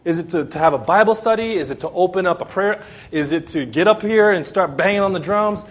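Husky animated man preaching. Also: high voice, quick pace. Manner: animated, emphatic, repeats phrases. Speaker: pastor. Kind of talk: sermon.

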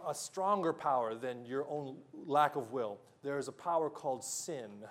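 A pastor delivering a sermon, earnest storytelling that slows for emphasis and drops soft on key lines. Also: male voice, mid-range voice, expressive.

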